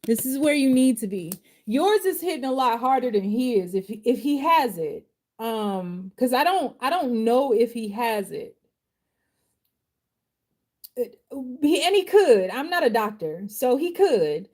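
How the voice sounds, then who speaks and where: Woman tarot reader live, casual slangy and heartfelt; raised pitch, warm mellow tone. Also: very animated, unhurried. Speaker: tarot reader and life coach.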